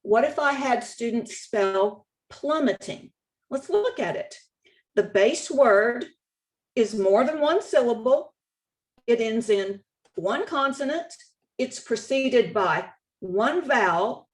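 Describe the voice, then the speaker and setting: Slow, deliberate woman teaching spelling. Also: on the high side. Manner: slow, deliberate, stresses key words and rules; repeats points for emphasis, occasional restarts. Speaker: state spelling contest director. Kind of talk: slide-based instructional presentation.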